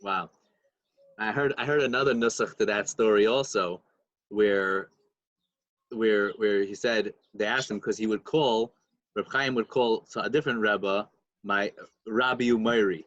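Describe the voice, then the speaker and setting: A man's voice: on the low side, a little slow, fairly bright tone, dry recording, dull audio. A man co-hosting a podcast, retelling stories in casual chat and mixing in Hebrew and Yiddish terms. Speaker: podcast co-host.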